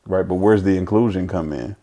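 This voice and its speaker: A man's voice: sits low, a little fast, mellow. A man speaking as a guest in an interview, talking earnestly and reflectively with many fillers and restarts. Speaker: guest, father of an autistic son. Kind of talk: candid conversational interview.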